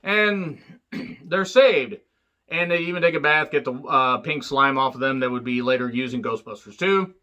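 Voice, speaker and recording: A man's voice: moderate pace, pushed and bright. A man casually recapping and reviewing a film, rambling and profane, with many fillers and wisecracks. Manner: jumps up in pitch when acting out quotes. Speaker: movie reviewer.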